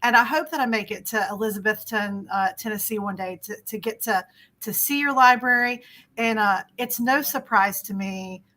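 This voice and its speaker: A middle-aged woman hosting a webinar, chatty and animated, often restarting her sentences. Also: on the high side, moderate pace. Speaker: librarian and webinar host.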